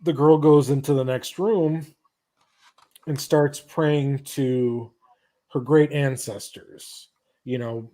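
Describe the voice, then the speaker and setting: A man hosts a podcast in easygoing chat, his pace slow and unhurried. He pauses often and restarts phrases as he retells the story. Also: medium pitch, steady tone, mellow. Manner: halting retelling of a comic's plot. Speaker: podcast host. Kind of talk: casual chat.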